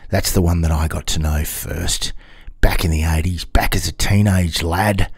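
Gravelly low-voiced radio host. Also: male voice, fairly even intonation, moderate pace, no room sound. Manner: rambling, chatty and self-mocking. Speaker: radio music show host. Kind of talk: casual music radio presenting.

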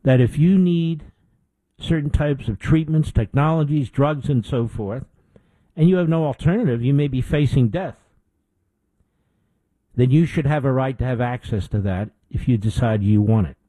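A man's voice: mid-range voice, normal speed, dark tone, no echo, low-quality recording. A middle-aged man hosting a political talk show, delivering an indignant opinion monologue with emphatic repetition.

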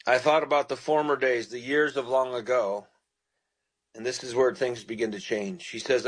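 A man's voice: medium pitch, fairly bright tone, poor audio. Earnest radio preacher, man. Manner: earnest, pastoral, speaks directly to listeners. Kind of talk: radio sermon with scripture reading and prayer.

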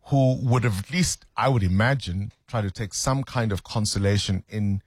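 A man hosts a radio show in a dry, close-miked studio. His voice sits on the low side with a husky, breathy edge. He talks casually and laughs easily. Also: moderate pace, no room sound. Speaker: radio host.

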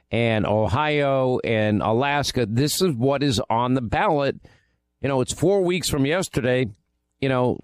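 A man's voice: mid-range voice, dry recording. A man hosting a political talk radio show, delivering an ad read and monologue in an emphatic, repetitive, punchy way. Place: radio studio. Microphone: close studio mic. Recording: dry close studio sound.

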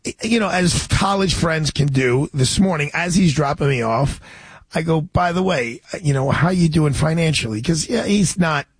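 A man's voice: fairly high pitch, moderate pace, breathy edge, dry recording. Chatty, rambling man hosting a radio show. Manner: chatty, rambling storyteller with frequent restarts. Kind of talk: radio talk show interview.

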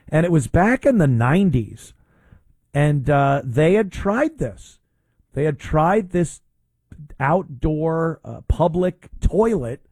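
A man's voice: medium pitch, a little mellow, no room sound. A man hosting a talk radio show, giving mocking, sarcastic commentary on a clip.

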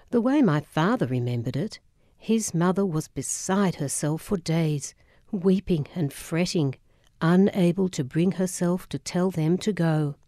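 Woman narrator, memoir audiobook, low mellow voice, dry close sound, measured. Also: no room sound. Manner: measured, solemn.

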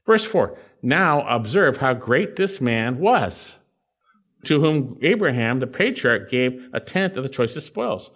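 A man preaching an expository sermon, reading scripture aloud and explaining it, swinging from emphatic high points to quiet low asides. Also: big pitch swings, measured pace, husky. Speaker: pastor.

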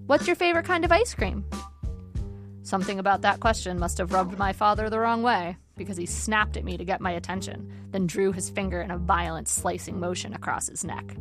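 A woman reading her own memoir aloud in a dry, measured storytelling manner. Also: medium pitch, steady tone, music in the background. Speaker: narrator.

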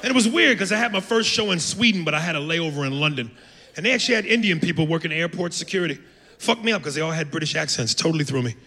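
Gravelly-voiced guy doing rowdy stand-up, big echoey club, noisy room. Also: a little high, lively intonation, fast talker, sharp tone. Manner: brash, profane, acts out voices. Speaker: stand-up comedian. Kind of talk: stand-up set. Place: comedy club stage. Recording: live club mic with echo and noise.

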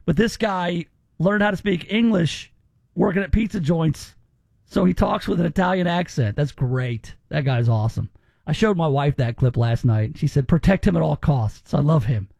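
A man's voice: on the high side, moderate pace, creaky, a little mellow, no room sound, clean studio sound. A man hosting a radio talk show, chatting casually and giving his opinions in a conversational way.

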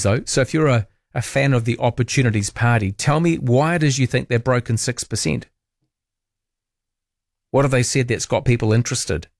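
A man's voice: mid-range voice, no room sound, studio quality. A man hosting talkback radio, chatty and opinionated, musing aloud with playful asides.

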